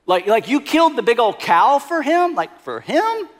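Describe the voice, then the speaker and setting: A preacher acting out a sulking, resentful older son. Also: male voice, extremely high pitch, big pitch swings, moderate pace, voice pushed up, exaggerated voice. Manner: indignant, pleading complaints. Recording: long hall reverb.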